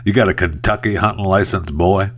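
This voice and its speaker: A man voicing an ornery, suspicious male game warden who questions someone in a gruff drawl. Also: deep voice, fairly even intonation, a little fast.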